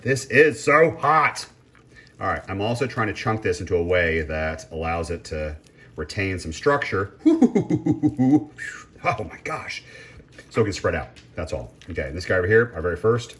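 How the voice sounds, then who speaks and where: A deep-voiced man offers casual commentary while cooking at home, rambling and cutting himself off with plenty of ums and uhs. He's an expressive vlogger who speaks at a moderate pace.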